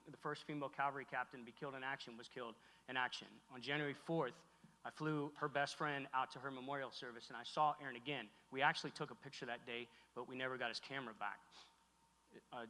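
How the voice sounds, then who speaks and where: A middle-aged man giving an emotional keynote speech on stage, halting and heartfelt, with many restarts. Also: mid-range voice, bright, forceful tone. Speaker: keynote speaker. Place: large hall on stage. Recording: echoey hall recording.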